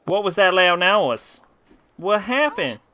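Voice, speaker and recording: A male streamer with a bright, sharp tone and a smooth, crisp voice, pitched a little high. He jokes and swears freely through casual gameplay chatter. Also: very animated, slow pace. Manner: joking, profane, giddy.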